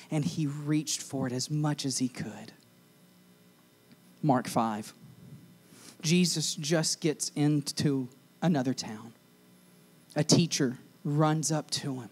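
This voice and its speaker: A man preaching to a youth group, retelling a story and acting out its characters, swinging from shouts to hushed lines. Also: a little high. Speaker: youth pastor. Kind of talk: storytelling sermon. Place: church youth room.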